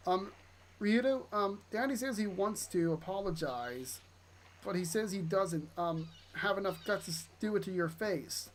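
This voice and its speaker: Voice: mid-range voice, lively intonation, unhurried, slight background noise, natural voice. A player voicing a timid little girl. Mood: earnest. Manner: hesitant, full of ums.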